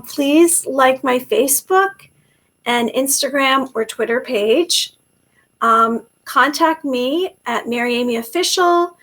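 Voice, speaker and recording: Woman, high voice, talk show host, effusive, chatty. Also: fairly bright tone. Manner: effusive and grateful, many fillers.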